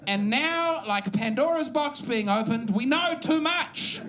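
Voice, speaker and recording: A man's voice: extremely high pitch, lively intonation, measured pace, pushed and bright. An Australian man performing a stand-up set on a comedy club stage, with a wry, meandering, self-mocking delivery.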